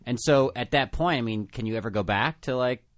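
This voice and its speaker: A man's voice: medium pitch, brisk. A man hosting a podcast in casual chat, asking his guest blunt, probing questions. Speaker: podcast host.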